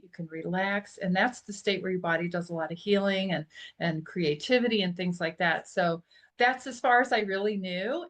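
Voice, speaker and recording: A middle-aged woman speaks as a podcast guest, her pitch sitting in an ordinary middle range. She tells a personal story in a lively, chatty way and laughs often. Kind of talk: casual storytelling interview.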